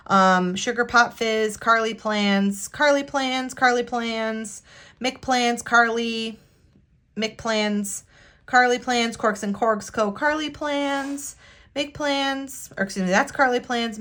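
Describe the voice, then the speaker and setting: A woman from the United States chatting casually while decorating her planner, talking in a halting, hesitant way with sighs and restarts, sincere and heartfelt. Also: fairly high pitch, fairly bright tone. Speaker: planner vlogger.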